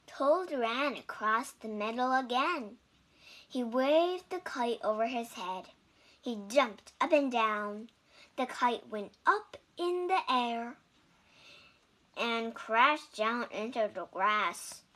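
Slow, bright-voiced woman reading aloud. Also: a little high, animated. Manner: slow, careful reading with small restarts, spells out words. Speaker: storybook reader and English teacher. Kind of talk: children's storybook read-aloud.

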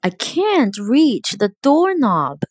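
A tiny, sorrowful puppy wails every line in a high, slow, drawn-out voice, as a woman puts it on while reading a storybook aloud. The sound is close and dry, with no room around it. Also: big pitch swings, darkish tone, dry recording, heavily acted. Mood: wailing. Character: small sad young puppy.

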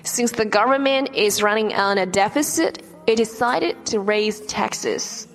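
A woman's voice: mid-range voice, unhurried. A woman teaching English vocabulary, repeating each word and checking in with "okay?" as she explains pronunciation. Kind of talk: vocabulary lesson. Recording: long reverb, faint background music.

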